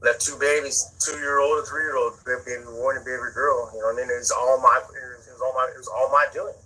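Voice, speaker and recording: A man's voice: medium pitch, steady tone, quick pace, sharp tone, slightly rough, rough recording. A man telling a personal story in an interview, casual and profane, often repeating words as he searches for them.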